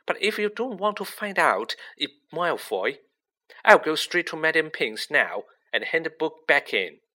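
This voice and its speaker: A man doing a shrill, bossy schoolgirl. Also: unhurried, heavily acted. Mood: indignant. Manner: breathless, excited.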